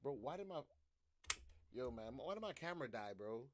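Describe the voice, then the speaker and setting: A young man streaming, riffing loudly and casually in slang while reacting to clips. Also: medium pitch, normal speed, noisy background. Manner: loud, slangy, animated riffing.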